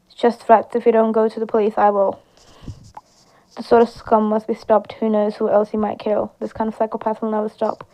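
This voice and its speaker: A woman's voice: fairly high pitch, monotone, a little fast, dark tone. A woman playing an interactive story game and reading its dialogue aloud, giving every character her own voice. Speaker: gameplay streamer. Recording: slightly dull lo-fi sound.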